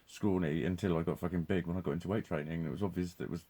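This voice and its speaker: A man's voice: deep voice, fairly even intonation, racing, dark tone. A man rambling in a live monologue, swearing constantly, laughing often and restarting his sentences. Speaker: vlogger.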